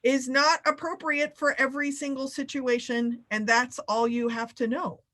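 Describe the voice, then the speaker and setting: A woman leading a live online workshop over a video call, talking in an animated, playful way and swooping up high for emphasis. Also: moderate pace, slight background noise. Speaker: workshop facilitator.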